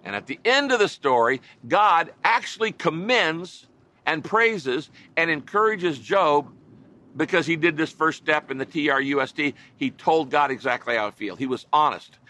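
A man's voice: a little high, animated, moderate pace, sharp tone. A middle-aged man preaching a sermon as a pastor, earnest and conversational, with wry asides to his listeners.

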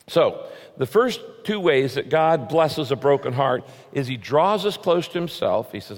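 Pastor, male, sermon delivery that swings from emphatic peaks to hushed lows, big church reverb. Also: normal speed. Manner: animated preaching, rising to emphatic highs then dropping soft. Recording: long reverb of a large hall.

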